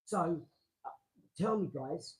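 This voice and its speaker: Guy going live from his garage, rambly and hyped, talks right at chat, a bit high voiced. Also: takes it slowly, poor audio. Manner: rambling, excitable, talks straight to viewers. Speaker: live-stream host. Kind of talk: casual live-stream chat. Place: home garage.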